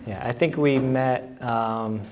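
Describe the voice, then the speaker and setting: A man's voice: mid-range voice, fairly even intonation, slow pace, a little mellow, a little hiss or hum. A young man interviewing a guest at a church event, rambling and friendly with lots of fillers. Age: young adult. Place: church meeting room.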